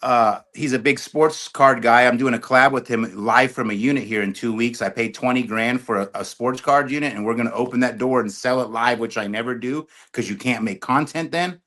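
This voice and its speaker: A middle-aged man, a storage auction YouTuber, talking on a podcast as a guest in an animated, talkative way. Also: mid-range voice, fairly quick, few pauses. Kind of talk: casual podcast chat.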